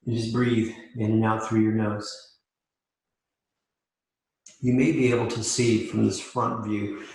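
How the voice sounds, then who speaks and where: A man leading a live mobility class as yoga instructor, calmly cueing each step while demonstrating. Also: on the low side, slow. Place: yoga studio. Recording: echoey room.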